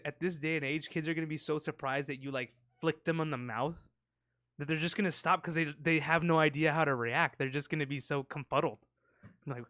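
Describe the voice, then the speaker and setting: A man's voice: a little high, a bit bright, dry recording, studio quality. A man co-hosting a podcast, rambling in casual, profane banter and acting out sound effects. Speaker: podcast co-host. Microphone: close podcast mic.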